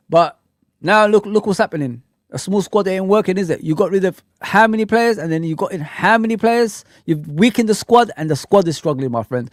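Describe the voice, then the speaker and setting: A man with a high voice hosts a live fan chat, sounding blunt and fired up, dropping slang between points. The sound is close and dry, with no room around it. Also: brisk, no room sound. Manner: animated, blunt ranting with slang asides. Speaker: fan channel host.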